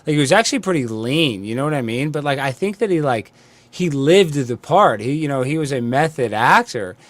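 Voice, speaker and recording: A man's voice: mid-range voice, animated, brisk, no echo. A man hosting a casual interview, rambling and opinionated as he thinks aloud. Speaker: host.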